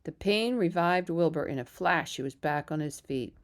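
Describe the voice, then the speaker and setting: A woman reads a children's novel aloud at a steady pace, slipping on a word now and then. Her voice is slightly low. She narrates evenly. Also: moderate pace. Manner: steady, even narration with small slips. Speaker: reader. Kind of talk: storybook read-aloud.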